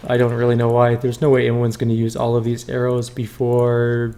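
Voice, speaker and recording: A man's voice: mid-range voice, monotone, fairly quick, dark tone. A man hosting a let's play, giving casual game commentary with wry asides and reading the dialogue aloud.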